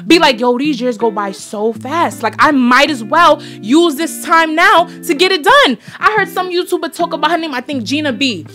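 A woman's voice: high-pitched, lively intonation, brisk, hardly any pauses, sharp tone, faint music behind. A woman in her twenties with a New York accent, hosting a podcast and giving a blunt, profane, fired-up motivational talk. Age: 20s. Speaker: podcast host.

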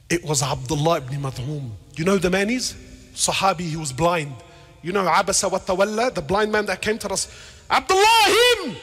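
A man giving a passionate religious lecture, swinging between shouted appeals and low asides, acting out dialogue as he tells stories. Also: husky. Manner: acts out dialogue in storytelling. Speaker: Islamic preacher. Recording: reverberant hall.

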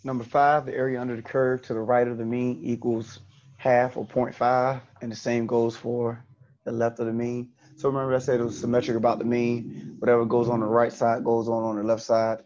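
A man's voice: medium pitch, completely flat delivery, a little fast, darkish tone, dull audio. A man teaching an online statistics class, explaining step by step and repeating key points.

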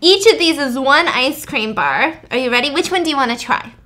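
A young woman chatting through an animated story retelling while baking, swearing in a mock-censored way. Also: high voice, fairly quick. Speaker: YouTube storyteller.

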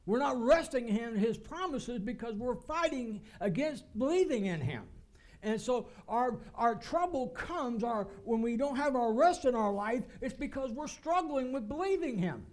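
A pastor preaching a sermon with emphatic, repeated phrases. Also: male voice, very high voice, expressive, moderate pace. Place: church.

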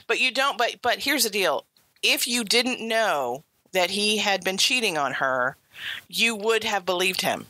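Bright-voiced, opinionated woman. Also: medium pitch, lively intonation, a little slow, no echo. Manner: opinionated, emphatic, quotes characters in voices. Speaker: podcast co-host. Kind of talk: casual film discussion.

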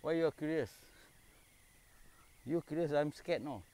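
A man's voice: on the high side, unhurried, mellow. A man with a Singaporean English accent talks on a casual live stream from a park at night. He jokes and banters freely, dropping Malay phrases into his easygoing chatter. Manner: jokey, banters with spirits, mixes in Malay phrases. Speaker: paranormal explorer live-streaming. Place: dark park outdoors at night.

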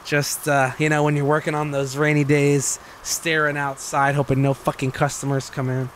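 A young man streaming gameplay commentary, excitable and joking, swearing freely. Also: a little high, normal speed, a little hiss or hum.

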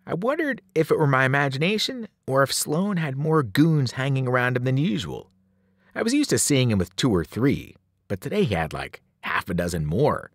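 Male teacher narrating a novel for students, lively and varied, dry close sound. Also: mid-range voice, no echo. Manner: expressive, animated storytelling. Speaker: teacher reading aloud. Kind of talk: audiobook reading of a novel.

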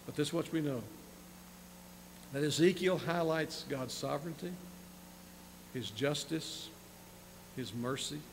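A man's voice: fairly high pitch, gravelly, a little hiss or hum, poor audio. A male pastor preaching a sermon, reading scripture passages and then explaining them in plain asides, often repeating words and restarting phrases. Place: church sanctuary.

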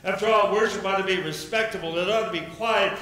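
Male pastor, sermon delivery, forceful bright tone, recorded in a reverberant sanctuary. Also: steady tone, quick pace. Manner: storytelling, voices the crowd's questions with rising pitch. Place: church sanctuary. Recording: echoey church room.

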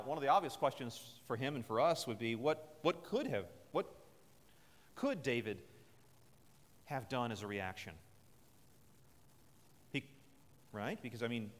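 A man delivers a sermon in a chapel, his voice trailing off into a long, lingering reverb. He speaks in an earnest, conversational way and retells a scripture story at a middle pitch. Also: animated, unhurried, long pauses, fairly bright tone. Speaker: preacher at a military chapel service.

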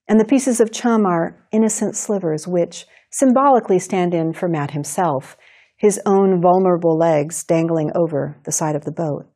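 A woman teaching writing in a recorded lecture, explaining in a clear, measured way. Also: lowish voice, warm tone. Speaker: writing instructor.

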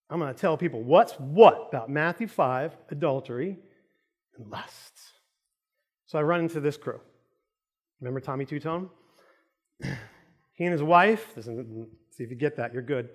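Animated, high-voiced male pastor. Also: moderate pace, long pauses. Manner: animated, joking storytelling. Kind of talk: sermon. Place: church auditorium.

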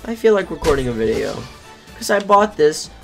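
A man's voice: a little high, sing-song, brisk, gravelly, fairly bright tone. A sleepy young man commentating a game as he plays, rambling, yawning and swearing at it when things go wrong. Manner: tired, yawning, rambling and easily exasperated. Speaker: gaming channel host. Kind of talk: casual let's play commentary. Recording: faint game music behind voice.

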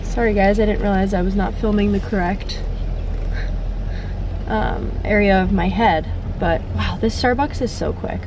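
A woman's voice: mid-range voice, moderate pace, noisy background. A woman chatting casually to camera from her car in a drive-thru line, sounding a little stuffy. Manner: chatty, rambling. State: slightly stuffy. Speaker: vlogger. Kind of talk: casual vlog chat.

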